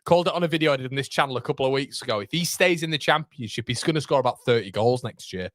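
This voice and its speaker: Excitable man reacting live to football. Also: medium pitch, racing, dry recording. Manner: shouts at the match, chats with viewers; uses British slang like lads, mate, muppets. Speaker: live-stream watchalong host.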